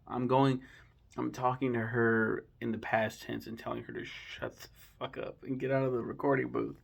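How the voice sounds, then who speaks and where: A man's voice: medium pitch, little pitch movement, moderate pace, creaky, fairly bright tone, breathy edge. A young man giving blunt, profane, mocking commentary on rappers in a casual chat. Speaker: channel host.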